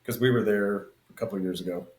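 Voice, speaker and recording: A man's voice: on the low side, a little mellow. A man co-hosting a podcast in casual chat, telling easygoing stories and stopping to recall details. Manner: easygoing storyteller, laughs along, pauses to recall details. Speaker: podcast co-host. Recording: roomy echo on the voice.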